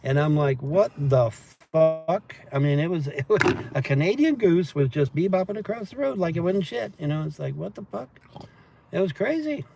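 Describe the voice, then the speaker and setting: A man's voice: on the high side, animated, fairly quick, gravelly, few pauses, mellow, soft background music. A man hosting a livestream, rambling casually and profanely as he reads and answers chat comments. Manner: profane, meandering storytelling with laughs. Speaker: livestream host reading chat.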